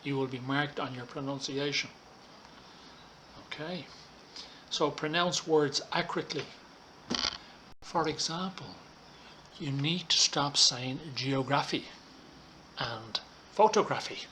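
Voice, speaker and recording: A man teaching an English lesson online, talking students through slides in a slow, deliberate way and checking in with frequent "okay"s. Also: on the high side, noisy background. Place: Thailand.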